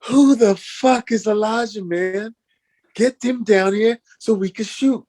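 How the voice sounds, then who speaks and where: A man acting out a hot-tempered male TV actor who shouts impatiently at the crew on set. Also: high-pitched, a little slow, voice pushed up. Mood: angry.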